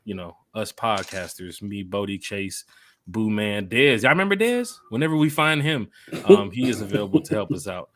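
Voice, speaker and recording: Man, podcast host, hyped and loud, bright forceful tone. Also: on the low side, lively intonation, moderate pace. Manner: loud, hyped, talks to the live chat. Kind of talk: casual fan podcast chat.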